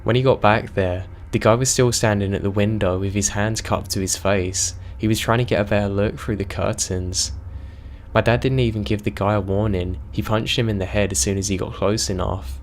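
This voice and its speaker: Man, low voice, horror story narrator, steady measured reading, scripted. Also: a little hiss or hum. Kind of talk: scripted narration of reader-submitted horror stories.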